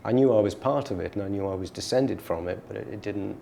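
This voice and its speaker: A man's voice: on the low side, fast, vocal fry, dark tone, a little hiss or hum. A man in an oral history interview, telling a childhood story in a reflective, storytelling way with frequent restarts. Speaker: musician recalling his childhood.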